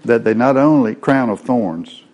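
A man's voice: medium pitch, animated, measured pace, darkish tone. A man teaching a Bible lesson in a sermon style, explaining word meanings step by step.

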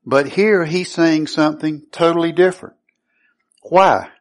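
A man with a slightly high voice preaches a sermon at an unhurried pace, teaching through scripture by reading verses aloud. He then poses questions to the congregation and answers them himself.

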